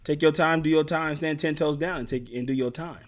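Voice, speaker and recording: A man casually recapping a TV episode with a co-host, acting out the characters' lines in animated bursts. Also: fairly high pitch, brisk. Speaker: podcast co-host recapping a TV show. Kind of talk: casual chat.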